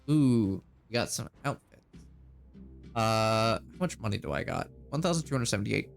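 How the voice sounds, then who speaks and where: Male streamer, lively pitch, reads game text, casual asides, faint music behind. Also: a little slow, gravelly, long pauses. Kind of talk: let's-play narration and chat.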